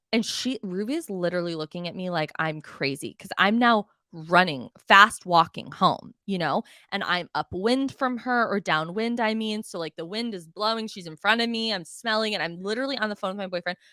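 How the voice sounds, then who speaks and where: A young woman hosting a podcast, telling a story in a casual, animated and profane way, full of exasperation. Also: medium pitch, moderate pace, few pauses, dry recording, clean studio sound. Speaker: podcast host.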